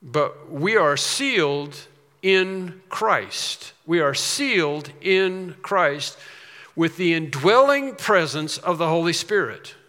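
A man's voice: a little high, lively intonation, slow, sharp tone. A man preaching a sermon in an emphatic way, repeating his key phrases. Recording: long reverb of a large hall.

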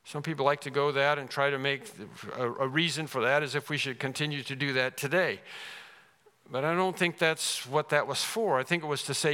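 A man's voice: medium pitch, moderate pace, pushed and bright, in a large hall. A man preaching a sermon as pastor, emphatic and repeating key words for stress. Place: church sanctuary.

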